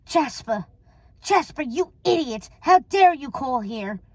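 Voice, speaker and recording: A woman's voice: high voice, expressive, normal speed, no room sound. A woman voicing a haughty, cruel society woman who snaps commands with scorn. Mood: scornful.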